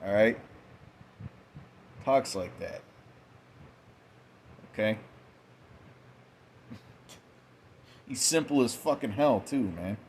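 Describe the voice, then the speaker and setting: A man's voice: on the low side, animated, very slow, pauses often, darkish tone, a little hiss or hum. A man giving a profane, mocking late-night commentary monologue, quoting scripture in a preachy way. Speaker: commentary host.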